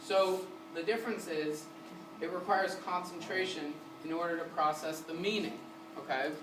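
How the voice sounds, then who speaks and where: A man's voice: a little high, moderate pace. Guy teaching music in a community center room, asks the class lots of questions, sings la now and then, far off mic, echoey with room noise. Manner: energetic, keeps asking the class questions; sings short syllables to demonstrate. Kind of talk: classroom lesson.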